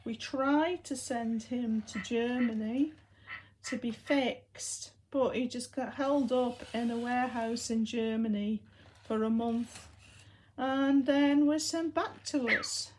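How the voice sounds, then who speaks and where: Woman, casual vlog, fond chatty manner, slow delivery, slightly high voice. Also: a little mellow, a little hiss or hum. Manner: chatty, fondly talks to her robot dogs. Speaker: vlogger. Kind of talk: casual home vlog update.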